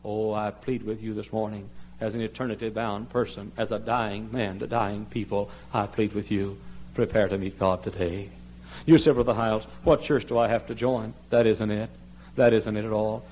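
An older man preaching a sermon, swinging from soft pleading to loud impassioned cries, sometimes drifting off the mic. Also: lowish voice, steady tone, fairly quick, highs cut off, slight background noise. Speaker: pastor. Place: large church sanctuary.

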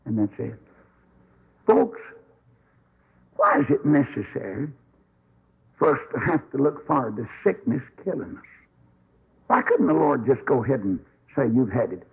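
A man preaching a sermon, telling stories in an animated, folksy way and acting out the quotes. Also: mid-range voice, a little slow, creaky, pauses often, husky, narrow, tinny audio.

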